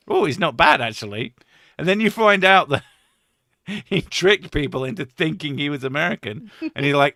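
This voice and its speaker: A man's voice: medium pitch, pushed and bright, no room sound, clean studio sound. A man hosting a stream, rambling and swearing, laughing often in casual chat. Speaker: streamer host.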